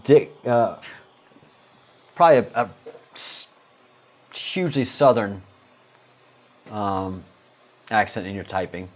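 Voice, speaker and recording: Guy chatting on a livestream, reads out comments, lots of uhs, lowish voice, muffled lo-fi audio. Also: lively intonation, takes it slowly, long pauses. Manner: rambling, hesitant, many fillers and restarts. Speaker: livestream host. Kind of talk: casual livestream chat reading viewer comments.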